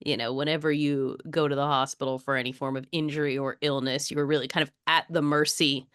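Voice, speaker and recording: A woman with a low voice co-hosts a casual podcast, chatty and quick to laugh. Her voice is recorded dry and close. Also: little pitch movement, fairly bright tone, clear, resonant tone, no room sound. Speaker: podcast co-host.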